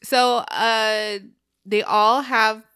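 Bright-voiced woman in casual podcast chat. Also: fairly high pitch, fairly even intonation, drawn-out words, clean tone, no echo, clean studio sound. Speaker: podcast co-host.

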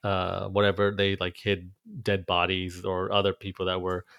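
A man co-hosting a casual podcast, laid-back and joking, with halting, filler-heavy speech. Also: deep voice, completely flat delivery, gravelly, fairly bright tone, clear, resonant tone, dry recording, studio quality. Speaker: podcast co-host. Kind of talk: casual chat.

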